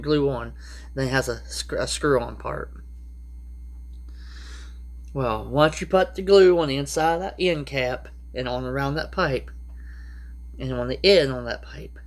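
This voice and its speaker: A man giving rambling, casual how-to advice as a prepper vlogger, with frequent restarts and asides. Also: mid-range voice.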